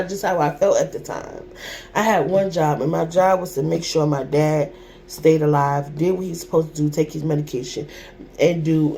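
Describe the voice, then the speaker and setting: A woman's voice: lowish voice, warm tone, slight background noise. A young adult woman telling a personal story to her viewers in an emotional, repetitive, colloquial way. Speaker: vlogger.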